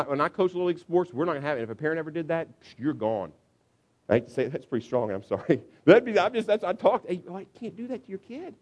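A man preaching a conversational sermon on parenting as a pastor, animated, briefly acting out shouting parents. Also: medium pitch.

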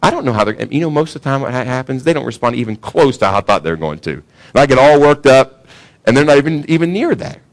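A pastor preaching a sermon in a casual, conversational way, often asking the congregation questions. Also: male voice, mid-range voice, lively intonation, fast. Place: church sanctuary.

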